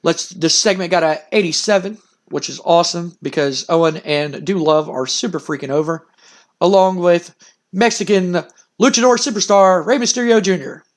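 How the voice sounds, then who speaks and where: A man's voice: sits high, moderate pace. A man casually narrating a wrestling simulation game as the show's commentator, rambling and enthusiastic. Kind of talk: casual storytelling over a wrestling sim.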